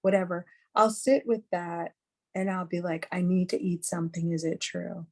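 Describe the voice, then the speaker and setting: A woman's voice: on the low side, flat delivery, normal speed, darkish tone. A middle-aged woman giving a candid, chatty teaching talk on a video call, earnest and full of fillers. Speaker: webinar speaker.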